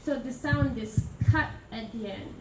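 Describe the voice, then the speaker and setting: A slightly high-voiced young Italian woman presents in a classroom at a measured pace, halting often with fillers and restarts as an international student. Noise and echo fill the recording, which was made from far off.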